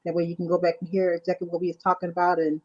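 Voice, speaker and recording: Husky woman hosting a faith livestream. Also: on the low side, monotone, rapid-fire. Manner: repeats "you know what I'm saying". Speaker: livestream host. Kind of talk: casual faith talk. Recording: dull lo-fi sound.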